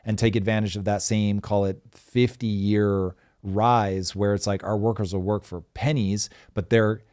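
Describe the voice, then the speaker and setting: A man with a fairly low voice, talking through economic ideas in a measured, unhurried way and leaning on little fillers as he goes. He sounds close to the mic in a dry, dead studio space. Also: flat delivery, a little mellow, clear, resonant tone, no echo. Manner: explanatory, measured, many fillers. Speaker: show host. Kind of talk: casual live-show commentary.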